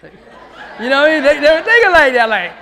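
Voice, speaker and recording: High-voiced, animated storytelling man. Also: quick pace, a little hiss or hum. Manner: animated, laughing, slangy storyteller acting out dialogue. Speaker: motivational speaker. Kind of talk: live motivational storytelling.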